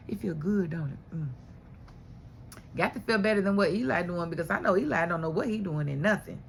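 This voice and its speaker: A woman giving a casual, chatty recap of a TV drama episode, animated and full of rhetorical questions. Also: on the low side, brisk, vocal fry, a little hiss or hum. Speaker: TV show reviewer.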